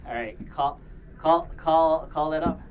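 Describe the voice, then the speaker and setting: A man's voice: a little high, a little slow, slight background noise. Joking man co-hosting a podcast. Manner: joking, stumbles over words. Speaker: podcast co-host. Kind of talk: casual chat.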